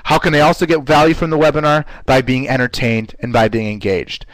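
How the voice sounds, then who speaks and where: A man's voice: flat delivery, a little fast, no room sound, low-quality recording. Upbeat male webinar presenter, dry sound. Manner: upbeat, conversational, with frequent "uh" fillers; playfully shifts pitch to demonstrate voice technique. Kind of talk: live online class presentation.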